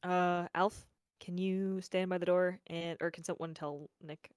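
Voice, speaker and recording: A woman playing a tabletop game, lively and excitable, often laughing. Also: fairly low pitch, measured pace, clean tone. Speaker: player. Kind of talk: casual tabletop play.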